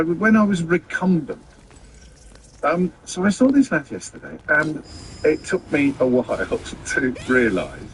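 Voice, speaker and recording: A middle-aged man hosting a morning radio talk show, telling rambling self-deprecating anecdotes with many halting restarts. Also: fairly high pitch, a bit bright, a little hiss or hum, low-quality recording. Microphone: studio microphone.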